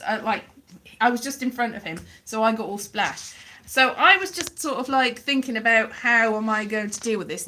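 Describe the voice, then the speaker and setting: Casting note: woman, bright voice, rambling and self-deprecating, live-streaming into a handheld phone. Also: a little high. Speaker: vlogger. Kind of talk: casual live-stream chat. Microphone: phone held at arm's length.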